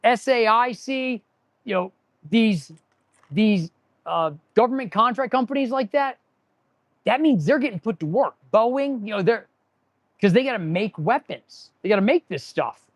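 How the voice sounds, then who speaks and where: In an indoor auto shop, the mechanic who owns it hosts a relaxed live stream in a high, expressive voice at a measured pace. The recording is dry. He goes on sarcastic, rambling rants, often starts sentences over, and keeps his hands on his tools while talking.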